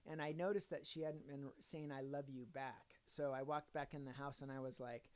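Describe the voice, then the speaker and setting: A man's voice: mid-range voice, fairly even intonation, normal speed, few pauses, darkish tone. A man in his thirties or forties, a father, giving a casual devotional talk in an earnest storytelling manner with joking asides. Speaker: Christian video speaker.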